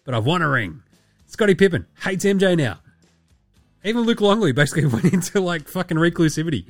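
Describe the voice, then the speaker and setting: Loose, sweary Australian podcast host. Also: male voice, on the high side, sing-song, brisk, dry recording, faint music behind. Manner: loose, profane, laughing, rambling. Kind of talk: casual sweary podcast chat.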